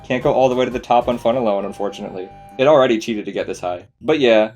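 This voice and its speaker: A man in an average pitch delivers a casual, enthusiastic voice-over review of video games. He swears freely and talks like a fan. Soft guitar music plays quietly behind him. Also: fast. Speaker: video essay host. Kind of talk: casual game commentary voice-over.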